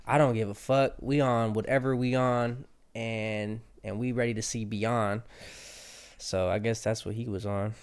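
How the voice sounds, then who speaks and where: A man's voice: lowish voice, fairly even intonation, measured pace, clean tone. A man hosting a casual reaction video, laid-back and slangy. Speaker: reaction host.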